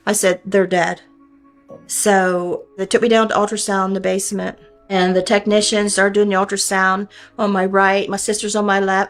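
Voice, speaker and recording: An older woman tells her story in an earnest, plainspoken way, with homespun grammar and a middle-pitched voice. Faint music plays softly underneath. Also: flat delivery, moderate pace. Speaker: storyteller recounting a near-death experience. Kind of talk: personal storytelling.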